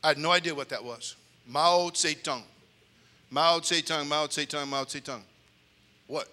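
An older man preaching with humor, an animated storyteller with comic timing who slips into character voices. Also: on the high side, measured pace. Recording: long hall reverb.

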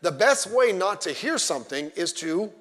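A middle-aged man preaching a sermon as pastor, animated and digressive, with joking asides. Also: high-pitched, normal speed. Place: church sanctuary. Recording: long church-hall reverb.

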